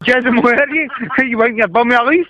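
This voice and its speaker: A man with a loud, jeering manner, shouting and laughing while filming a rowdy phone video. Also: extremely high pitch, brisk, no echo, highs cut off.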